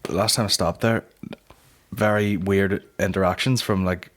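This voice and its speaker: A Northern Irish man sits in as a guest on a comedy podcast. His voice sits a bit low, and he jokes crudely in a relaxed, chatty way. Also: moderate pace. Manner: crude, joking banter. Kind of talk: casual comedy chat.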